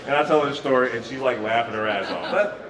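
Male podcast co-host, animated laughing storyteller; off mic in an echoey space with a crowd behind. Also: mid-range voice, fast talker, distant mic, noisy background. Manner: animated, laughing storyteller acting out quoted dialogue. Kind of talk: casual storytelling chat.

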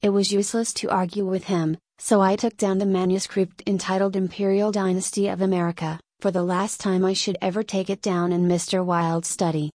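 A woman narrating an audiobook in a steady, measured reading voice. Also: mid-range voice, no room sound.

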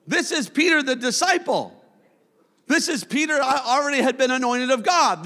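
High, bright-voiced preaching pastor. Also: male voice. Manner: impassioned preaching, swelling to shouts. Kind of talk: sermon. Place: church sanctuary. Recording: long church hall reverb.

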